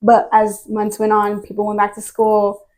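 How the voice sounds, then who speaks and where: A woman's voice: mid-range voice, monotone, normal speed, darkish tone. A young woman giving a personal faith testimony as a podcast guest, telling it earnestly in a rambling way full of filler words.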